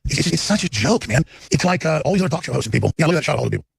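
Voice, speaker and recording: A man's voice: a little high, big pitch swings, racing, creaky, husky, no echo. A man in his forties hosting a talk show, delivering an unscripted, emphatic, rambling live monologue.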